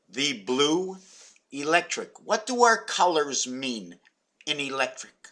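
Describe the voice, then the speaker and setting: Bright-voiced rambling man from Quebec. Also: on the high side, sing-song, slow. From Quebec, Canada. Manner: meandering, playful wordplay, muttering asides. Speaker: vlogger. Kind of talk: rambling monologue vlog.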